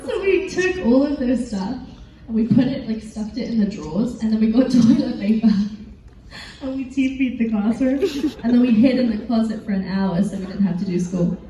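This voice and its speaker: Giggly English teen in an echoey hall. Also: female voice, on the high side, moderate pace, dark tone. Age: teens. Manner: chatty, giggly, rambling with fillers. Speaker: actress, panel guest. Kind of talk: convention panel Q&A answers. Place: large convention hall. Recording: echoey hall from far off, faint noise.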